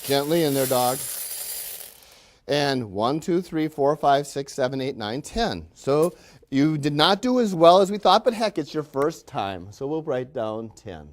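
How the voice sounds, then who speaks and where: A man plays a self-important factory manager in a classroom role-play. The voice sits high and bright, and it is loud and sugary with condescension. He praises and scolds his workers in the same patronizing tone. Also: sing-song, measured pace. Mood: scolding. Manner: falsely cheerful, condescending and scolding.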